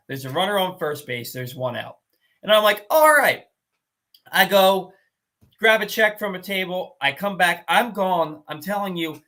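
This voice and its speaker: A man hosting a casual sports talk show, telling a game story in an animated, exasperated way with quick restarts. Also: fairly high pitch.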